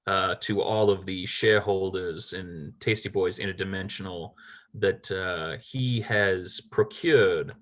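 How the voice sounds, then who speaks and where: A man's voice: deep voice, a little slow, a bit bright. A man narrating a tabletop game as game master, rambling with lots of fillers and small laughs.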